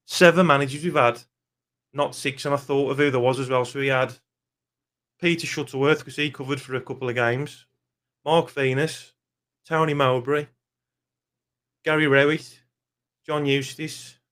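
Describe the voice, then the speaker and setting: A man's voice: mid-range voice, level tone, unhurried, pauses often, a bit bright, smooth. Brummie bloke fuming about his team, swears a lot, blunt, normal mid voice. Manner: angry, swears often, blunt. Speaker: football fan vlogger. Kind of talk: ranting fan vlog.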